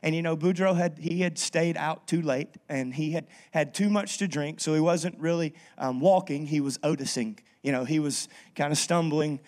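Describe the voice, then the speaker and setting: A man's voice: a little high, normal speed, few pauses, darkish tone. A pastor giving a sermon in a humorous, chatty way, often restarting his sentences.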